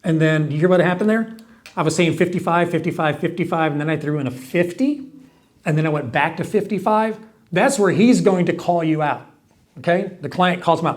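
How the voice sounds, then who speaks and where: A man with a Texan accent, a window company owner, talking casually to camera and acting out salesmen's pitches in quoted voices. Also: a little fast.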